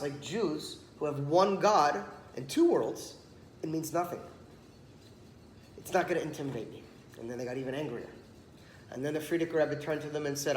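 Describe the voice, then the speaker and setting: Animated high-voiced man telling a story. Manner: animated storyteller, acts out dialogue. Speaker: rabbi giving a talk. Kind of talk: storytelling Torah talk. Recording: echoey room, some background noise.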